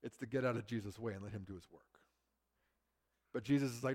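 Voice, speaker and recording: A middle-aged man preaching a sermon, who swings from loud emphasis to a hushed near-whisper. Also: medium pitch, quick pace, long pauses. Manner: acts out quoted people in lively voices. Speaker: pastor.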